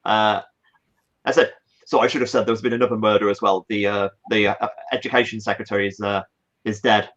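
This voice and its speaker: A man's voice: on the low side, fairly even intonation, fairly quick, fairly bright tone. Earnest man on a dull, lo-fi call. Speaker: player. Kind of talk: in-character tabletop role-play.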